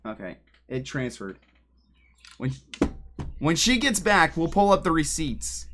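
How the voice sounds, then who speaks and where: A man with a fairly high voice talks casually to his livestream chat from a room at home. He rambles and jokes as he goes, and his voice sometimes drifts off the mic when he moves around. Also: sing-song, unhurried, background noise. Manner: drifts away from the mic while moving around.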